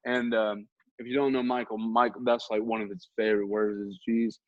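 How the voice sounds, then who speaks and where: Speaking at normal speed in a fairly low, flat voice, a young man who hosts a podcast rambles through a self-mocking, humorous anecdote. There is no echo, and the lo-fi audio is dull.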